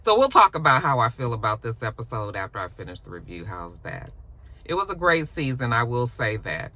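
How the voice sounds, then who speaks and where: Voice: mid-range voice, sing-song, a little fast, bright, forceful tone. A show reviewer recapping an episode in a casual, colloquial vlog, acting out the characters' lines as they go. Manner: chatty, colloquial, acts out quoted lines.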